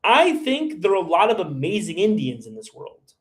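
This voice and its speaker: Hosting a livestream, a man rants bluntly and heatedly in reply to viewer comments. His fairly high, slightly bright voice swoops wildly in pitch at a normal speed.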